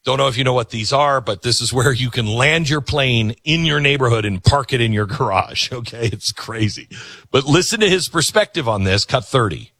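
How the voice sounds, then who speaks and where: A man's voice: mid-range voice, lively intonation, normal speed, sharp tone, no echo, clean studio sound. A man hosting a show, commenting emphatically on clips he plays. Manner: emphatic, preachy. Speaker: commentator host.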